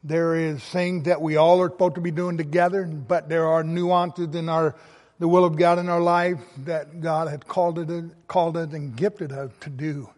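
A man's voice: a little high, little pitch movement, normal speed, darkish tone, in a large hall. A man preaching a sermon, reading scripture aloud and stressing key words with emphasis. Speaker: pastor.

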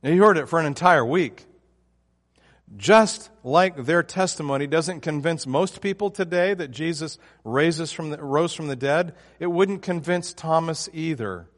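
A man's voice: fairly high pitch, a little slow, in a large hall. A man preaching a sermon, emphatic and often restarting his phrases. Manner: emphatic, with frequent restarts and fillers.

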